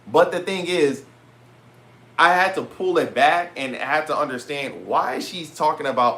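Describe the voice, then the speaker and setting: A man's voice: a little high, a little slow, vocal fry, pauses often. A young man telling a story to camera for his vlog in casual slang with swearing, and he acts out both sides of conversations. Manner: animated, slangy, swears, retells dialogue in quoted voices. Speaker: vlogger.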